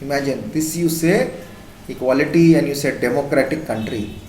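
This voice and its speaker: A man's voice: mid-range voice, moderate pace, darkish tone, a little hiss or hum. A man with an Indian accent giving an impassioned classroom lecture as a teacher. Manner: impassioned, emphatic. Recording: echoey classroom.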